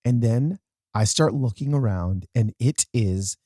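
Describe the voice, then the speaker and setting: A man hosting a podcast, telling a casual story in an animated way with comic exaggeration and self-mocking asides. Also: medium pitch, unhurried, no echo, clean studio sound. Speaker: podcast host.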